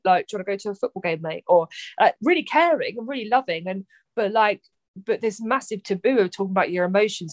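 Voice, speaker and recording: A woman's voice: medium pitch, no room sound. A young woman, a poet, talking candidly and animatedly in a podcast conversation, often acting out quoted voices.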